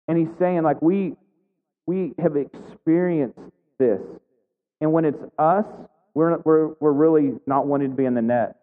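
A man's voice: on the high side, moderate pace. A man giving a conversational sermon, full of questions and restarts. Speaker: pastor. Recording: tinny phone-like sound in a reverberant hall.

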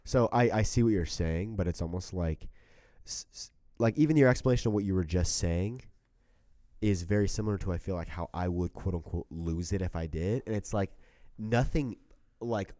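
A man chatting casually, reflecting and thinking out loud while agreeing often with the other speaker. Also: low voice, normal speed, no room sound, studio quality. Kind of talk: casual conversation.

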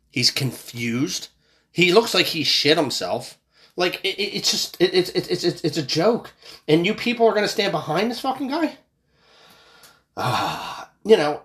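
Profane, fired-up man ranting on a podcast. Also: mid-range voice. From United States. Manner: profane, angry, ranting with sarcastic outbursts. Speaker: podcast host. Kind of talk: casual political rant.

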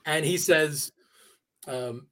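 A podcast guest from the New York area tells a long personal story in a relaxed interview. His voice is fairly high, and he speaks haltingly, restarting often and using fillers while he gathers his thoughts.

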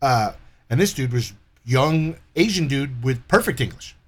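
A man telling a story in casual chat, animated and profane, acting out the people in it. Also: medium pitch, unhurried, husky. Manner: profane, animated retelling with quoted dialogue.

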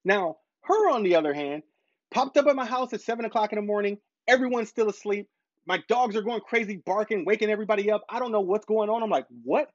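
A man's voice: sits high, fast talker. A man recounts a frustrating story in a casual, conversational monologue, leaning on repetition to drive each point home. His voice sits in a dry space with no room echo. The recording is a little dull and muffled. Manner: emphatic, repeats points for stress. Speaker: parent vlogger.

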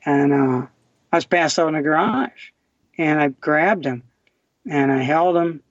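A man's voice: fairly high pitch, no echo. Man telling a raw recovery story. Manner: raw, halting, emotional storytelling with many restarts. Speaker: podcast guest. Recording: dry, dull lo-fi audio.

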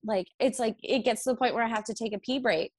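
A woman's voice: fairly high pitch, quick pace, no echo. A pregnant woman who works as a nurse, chatting casually and acting out her patients' requests as she tells her stories. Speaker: registered nurse guest. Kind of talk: casual chat.

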